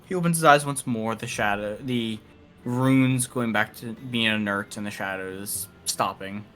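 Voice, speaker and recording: A man's voice: on the low side, unhurried, fairly bright tone, soft background music. A man running a tabletop role-playing game as game master, narrating scenes in a loose, casual way with plenty of fillers.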